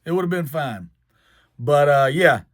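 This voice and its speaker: A man from the American South with a long drawn-out Southern accent, telling a self-mocking story. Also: fairly high pitch, dry recording, clean studio sound. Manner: drawled, self-mocking, animated. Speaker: vlogger. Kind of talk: storytelling to camera.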